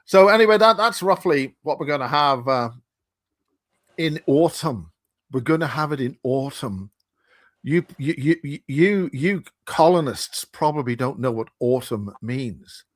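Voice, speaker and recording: Belfast man, mid-pitched, joking and rambling on a dry video call. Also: expressive, a little slow, no echo. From Northern Ireland. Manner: rambling, joking, self-interrupting. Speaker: guest, conference founder. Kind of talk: casual chat. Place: home in Wiltshire.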